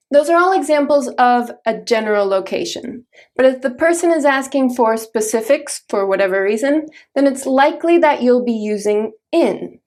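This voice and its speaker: A woman with a Midwestern American accent delivers a scripted English lesson. Her voice sits a little high, and she speaks clearly and carefully, walking through example sentences one by one. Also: a little mellow. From Minnesota, United States. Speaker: English teacher.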